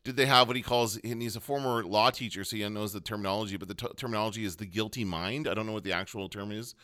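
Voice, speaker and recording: A man talks casually on a podcast, sharing recommendations in a loose, filler-heavy way. His voice is bright and forward. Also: on the low side, fast talker. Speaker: podcast co-host. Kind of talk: casual chat.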